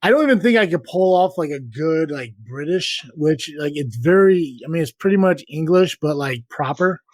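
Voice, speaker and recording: A man's voice: a little high, animated, moderate pace, no echo. A man hosting a casual live-stream podcast, rambling, swearing freely and joking at his own expense. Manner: rambling, profane, self-deprecating. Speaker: podcast host.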